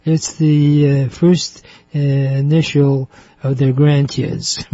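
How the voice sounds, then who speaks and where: A man hosting a radio interview show, talking slowly in a chatty way and laughing often. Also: a little high, steady tone, mellow, no room sound. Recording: muffled radio broadcast.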